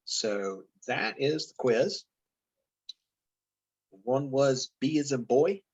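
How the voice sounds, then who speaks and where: A man's voice: mid-range voice, sing-song, extremely slow, darkish tone, slightly rough, lo-fi sound. A man teaching a language arts lesson in a loose, chatty way, with many fillers and self-corrections as he explains. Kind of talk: casual classroom lesson.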